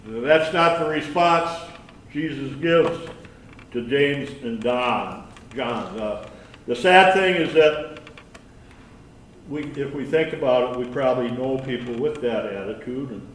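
A man giving a conversational sermon with scripture reading, folksy and halting, with many restarts and asides. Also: mid-range voice, slight background noise. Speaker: lay preacher. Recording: echoey room from far off.

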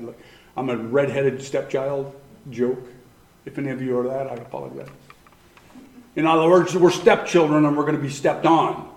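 A man pastor preaching a sermon, emphatic, swinging from hushed asides to loud declarations. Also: medium pitch, echoey room.

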